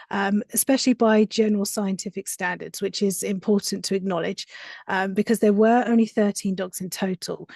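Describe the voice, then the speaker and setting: A woman's voice: mid-range voice, creaky, a little mellow, dry recording, studio quality. A woman presenting on a live stream, carefully explaining research step by step with frequent fillers. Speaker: dog trainer presenting research.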